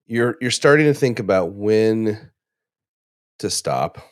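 A man leading a case discussion in casual talk, speaking quickly and thoughtfully with some halting. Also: on the low side, animated, no echo, studio quality.

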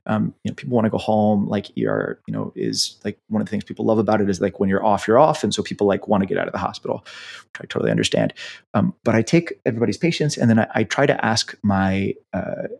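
Gravelly man, husky tone, ER doctor talking shop, chatty storytelling with lots of fillers. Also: fairly low pitch, fast. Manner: animated storytelling with many fillers. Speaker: emergency physician. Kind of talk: conversational teaching.

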